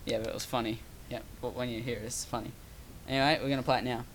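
A man's voice: mid-range voice, little pitch movement, very fast, a little hiss or hum. A man co-hosting a casual podcast, talking hesitantly with many ums. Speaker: podcast co-host. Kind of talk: casual chat.

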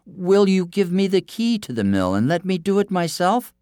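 Man voicing a stubborn young lass, higher voice, animated, dry sound. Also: normal speed, clean tone, no room sound. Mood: spirited. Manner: spirited, defiant. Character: bold, stubborn young Scottish village lass.

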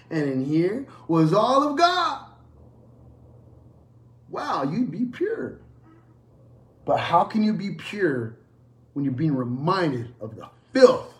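A man's voice: on the high side, reverberant. A man preaching a sermon, emphatic and repetitive, firing off rhetorical questions. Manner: emphatic, repeats phrases and asks rhetorical questions.

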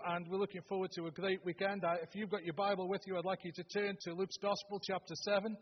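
A man in his seventies with a Stoke-on-Trent accent, opening a sermon with homely, humorous stories, often halting and restarting. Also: sits high, slight background noise. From Stoke-on-Trent, England. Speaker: preacher. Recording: dull, long-reverb hall recording.

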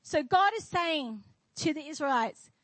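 A woman's voice: high-pitched, expressive, unhurried, a bit bright, no echo, low-quality recording. A woman pastor preaching a sermon in church, declaring and asking the congregation questions.

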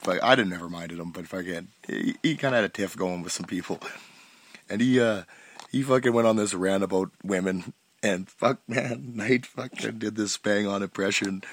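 Man, very low voice, stoned, profane, rambling, restarting sentences, dry close recording. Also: dry recording. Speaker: podcast host. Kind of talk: rambling solo podcast monologue.

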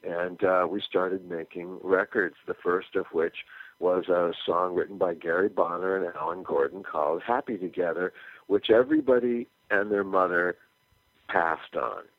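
A man's voice: low-pitched, steady tone, normal speed, no echo. An older man from California, a musician guest on a radio interview, animatedly telling anecdotes and acting out quoted dialogue. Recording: phone-line interview, dry.

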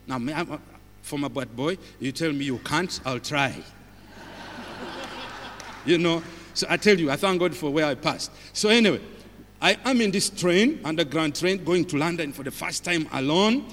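A man's voice: fairly high pitch, moderate pace, big-room sound. A man with a Ugandan accent from Uganda, preaching a sermon in a church as a visiting preacher, telling stories with humor and stopping now and then to chuckle. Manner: animated, humorous, stops to laugh. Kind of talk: sermon with storytelling.

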